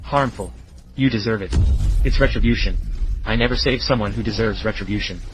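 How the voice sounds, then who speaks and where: A man dubbing a calm, righteous young male healer in an English dub of a drama, speaking in a stern, confident manner. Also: fairly low pitch, fairly quick, lightly acted. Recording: dubbed dialogue over music.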